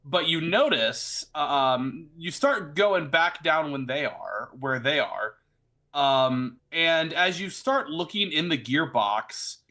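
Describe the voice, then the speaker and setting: A man's voice: fairly high pitch, expressive, slow pace, sharp tone. A man narrating as game master of a tabletop game, rambling and searching for words with many fillers.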